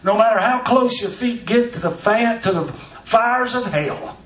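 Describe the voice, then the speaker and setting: A man preaches in a high voice, swinging from soft asides to loud shouted declarations. He sounds as if he is recorded from a distance in a reverberant church. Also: measured pace. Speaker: pastor. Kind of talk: sermon. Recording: echoey church from far off.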